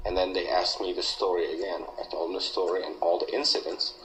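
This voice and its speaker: A former coworker from Malaysia speaks quickly in a low, fairly bright voice with fairly even intonation. He gives an earnest, emphatic interview account, frequently repeating himself and starting over, recorded in an echoey room with faint noise.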